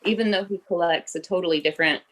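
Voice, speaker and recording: A woman's voice: lowish voice, quick pace, poor audio. A woman co-hosting a podcast, talking casually with lots of likes and fillers. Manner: relaxed, many likes and fillers. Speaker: podcast co-host, tattoo artist.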